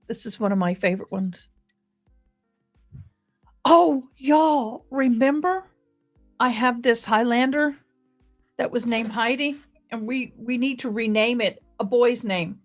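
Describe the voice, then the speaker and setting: Hosting a casual fundraiser live stream, a woman with a fairly high voice chats away about a game, gushing affectionately over small details. Soft music plays faintly in the background.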